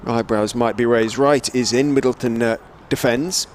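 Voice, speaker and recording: Speaking at medium pitch, a man provides radio-style ball-by-ball cricket commentary from a commentary position atop a stadium hotel. He's relaxed, measured and chatty, lifting to excited calls for the big shots, and a little hiss or hum is audible.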